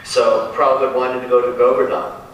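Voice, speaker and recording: A man's voice: mid-range voice, little pitch movement, fairly quick, a bit bright. Man, devotee storyteller, distant and very echoey, faint hum behind. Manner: storytelling, acts out quoted lines, chuckles. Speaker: devotee speaker. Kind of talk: reminiscing talk. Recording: echoey room, distant mic.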